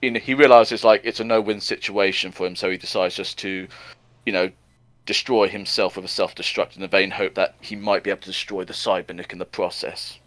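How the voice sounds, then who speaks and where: Low-voiced man rambling through comic chat. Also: fairly even intonation, brisk, a bit bright. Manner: rambling, many "like" fillers, chuckles. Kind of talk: casual comic review chat.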